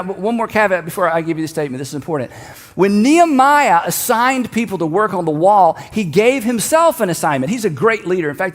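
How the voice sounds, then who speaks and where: An earnest male pastor with a notably high voice tells a scripture story in sermon style. He draws the listeners in and has them repeat a line with him. His voice rings with a long reverb, as in a large hall. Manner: earnest, storytelling, leads congregation in call-and-response.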